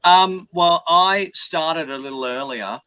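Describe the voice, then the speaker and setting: Male co-host, bright tone, dry close sound, relaxed. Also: fairly high pitch, takes it slowly, clear, resonant tone, dry recording. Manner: relaxed, hesitant. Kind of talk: casual chat.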